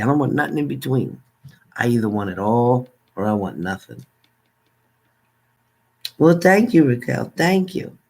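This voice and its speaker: An older man casually chatting on a livestream, warmly thanking viewers by name and calling them hon. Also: a little high, creaky. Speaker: livestream host.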